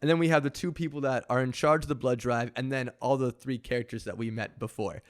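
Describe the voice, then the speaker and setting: A young man on a podcast, telling a story to friends in a casual, animated way and acting out the people in it. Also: medium pitch, quick pace. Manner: animated, acts out quoted voices, laughs often.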